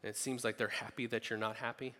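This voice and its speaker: Bright-voiced man preaching in a hall. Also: medium pitch, flat delivery, fast. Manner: conversational, rising to emphatic peaks. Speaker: pastor. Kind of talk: sermon.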